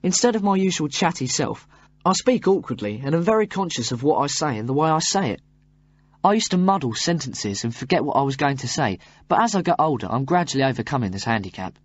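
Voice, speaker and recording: A man reading a first-person passage aloud for a textbook audio track, in an expressive, rising and falling manner. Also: a little high, quick pace, dry recording, muffled recording.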